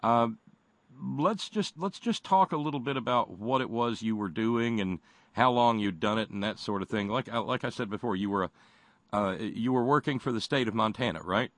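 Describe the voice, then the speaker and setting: Radio host, male, mid pitch, wry folksy delivery, close dry studio mic. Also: normal speed, no room sound. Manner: folksy, wry, many fillers and restarts. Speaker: radio talk show host. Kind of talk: opinionated radio talk.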